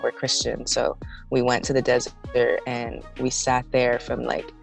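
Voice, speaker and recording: A young woman from Brooklyn, New York, chatting as a guest on an interview show, giggly and halting with many fillers. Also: very deep voice, completely flat delivery, gravelly, soft background music. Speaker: guest singer. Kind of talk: casual interview chat.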